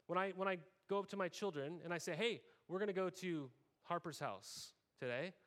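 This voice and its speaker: A man in his thirties with a voice pitched above the usual delivers a casual, talky sermon. He keeps checking in with the congregation through "right?" and slips into little voices for the people he quotes. He is from Oregon and preaches as a pastor. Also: moderate pace, a bit bright. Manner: conversational, frequent "right?" tags, acts out quoted voices.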